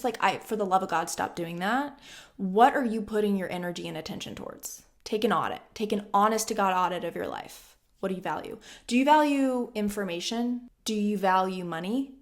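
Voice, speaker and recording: Twenty-something woman vlogging self-help, blunt and emphatic, repeats stuff to hammer it in, mid-pitched voice. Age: 20s. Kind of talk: casual self-help talk to camera.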